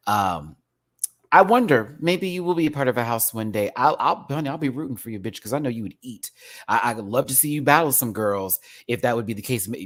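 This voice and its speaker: A man from Houston hosting a casual livestream review, talking in an animated, campy and profane way with lots of fillers. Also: medium pitch. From Houston, Texas. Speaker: livestream show host.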